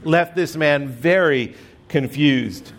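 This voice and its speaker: A middle-aged man delivers a sermon as the congregation's pastor. His voice sits a bit higher than most men's. He talks in an easy, conversational way, with gentle self-deprecating humor. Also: slow pace.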